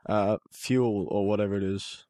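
A man's voice: lowish voice, fairly even intonation, moderate pace, warm tone, dry recording, clean studio sound. A man co-hosting a podcast in casual chat, hesitant and repeating himself. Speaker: podcast co-host.

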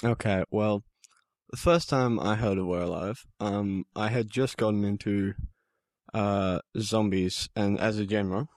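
A man's voice: lowish voice, fairly even intonation, unhurried, a little mellow, dry recording, clean studio sound. An Australian man, a guest fan on a podcast, chatting casually and hesitantly with many ums. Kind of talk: casual chat.

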